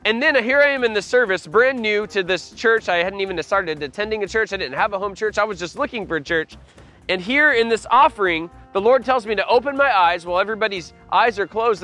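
A man preaching a personal testimony, telling the story with animated energy and frequent restarts. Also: high voice, fairly quick, faint music behind. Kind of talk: testimony sermon.

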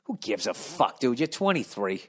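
A man in his fifties with a Boston accent hosting a solo podcast, reading listener mail aloud and riffing on it in a profane, animated rant. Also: mid-range voice, normal speed, slightly rough. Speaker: podcast host.

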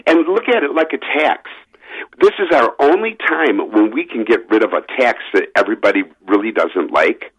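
A man calling in to a talk radio show, talking in an animated, emphatic way over a phone line. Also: on the low side, normal speed, breathy edge. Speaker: caller. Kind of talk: political call-in radio talk.

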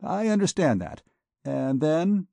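A man's voice: on the high side, sing-song, takes it slowly, vocal fry, mellow, no room sound, voice pushed up, full character voice. A bewildered young poet, as a male reader acts him out, pleading and protesting in a raised, anxious voice. This storybook reading is close and dry.

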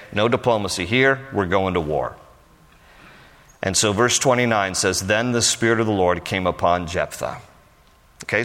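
A man preaching a sermon, reading scripture verses aloud and then explaining them in casual, animated speech with emphatic questions. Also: lowish voice. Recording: long hall reverb.

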